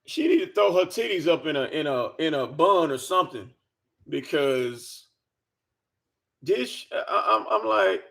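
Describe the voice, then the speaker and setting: A man's voice: a little high, expressive, a little slow, creaky, fairly bright tone. A man giving an exasperated, profane reaction rant, stammering and repeating himself as he talks. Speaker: commentary vlogger. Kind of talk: ranting reaction commentary.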